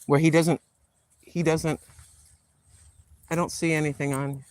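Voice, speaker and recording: An older woman hosting a walking vlog outdoors in a park, chatting in a rambling way and addressing viewers as ladies and gentlemen. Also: sits low, flat delivery, a little slow, no echo. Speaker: vlog host. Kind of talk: casual walking vlog chat.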